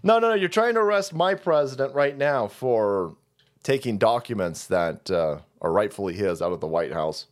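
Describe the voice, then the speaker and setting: A man's voice: lowish voice, expressive, moderate pace. A man hosting a livestream, ranting in a profane, sarcastic way and often laughing. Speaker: livestream host.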